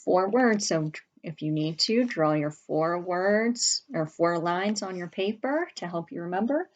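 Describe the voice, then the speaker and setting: Woman, teacher, spelling lesson, slow, lowish voice, sounds out each letter. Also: expressive, dull audio. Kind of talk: early-grade spelling lesson.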